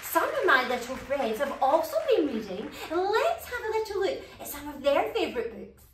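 A woman's voice: high voice, sing-song, moderate pace, reverberant, distant mic, slight background noise. A woman hosting a children's storytime, reading a picture book aloud expressively, gasping and exclaiming along the way.

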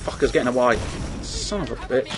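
A man's voice: medium pitch, a little fast. A man commenting on his gameplay in a chatty, wry way, swearing often. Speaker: let's play host. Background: game sounds and music.

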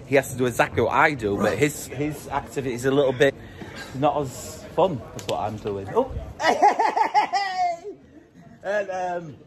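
A man's voice: mid-range voice, sing-song, measured pace. A middle-aged man hosting a TV show, rambling and joking through a casual video diary backstage in a studio dressing room, filmed on a handheld phone. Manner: rambling, jokey, self-mocking. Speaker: TV show host.

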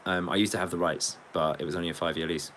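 On a live stream, a beatboxer talks casually in a low, fairly even, fairly bright voice at a quick pace. He wanders from topic to topic, cracks jokes, curses a lot and keeps bursting out laughing. A slight hiss or hum runs underneath.

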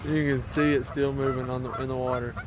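A man giving casual, excitable fishing commentary outdoors on a lake, exclaiming and repeating himself. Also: medium pitch, a little fast, crowd noise. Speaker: fishing vlogger.

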